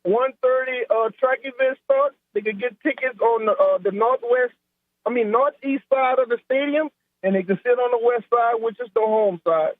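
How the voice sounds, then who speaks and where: A man with a thick South Louisiana accent rambles along easily, repeating words as he talks. His voice sits fairly high for a man and comes through a thin, tinny phone line. The sound is dry and close. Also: normal speed, no echo. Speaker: head track coach. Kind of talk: phone-in interview.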